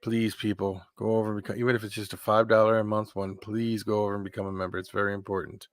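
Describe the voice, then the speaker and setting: A man's voice: lowish voice, level tone, fast, no echo. A man hosting a casual live-stream chat, rambling and talking to his viewers. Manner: rambling, keeps clearing his throat. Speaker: host of a live hangout stream.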